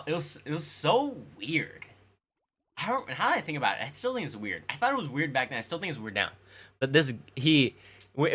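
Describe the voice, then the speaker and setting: A young man streaming, casually telling his chat childhood stories in a slangy, laughing way. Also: on the high side. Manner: animated, laughing, slangy storytelling with many restarts.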